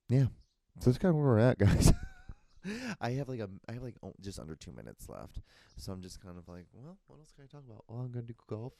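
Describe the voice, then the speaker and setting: A man's voice: fairly low pitch, creaky, mellow, no room sound. A young man hosting a solo podcast, rambling in casual chat, swearing often and acting out quoted lines. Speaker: podcast host.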